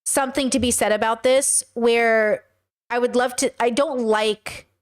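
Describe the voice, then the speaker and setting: A woman's voice: a little high, fairly even intonation, a little slow. A woman hosting a casual reaction commentary, chatty and rambling with frequent laughs. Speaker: commentary host reacting to clips.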